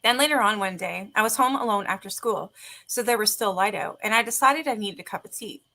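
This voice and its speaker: A woman's voice: medium pitch, brisk, pushed and bright. A woman host, chatting casually in a rambling, laughing way and reading ghost stories aloud.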